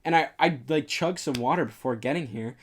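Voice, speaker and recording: A man's voice: fairly high pitch, brisk, a little hiss or hum. A young man in his late teens co-hosting a casual podcast, goofy and earnest, rambling through his explanations. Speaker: podcast co-host. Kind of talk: casual chat.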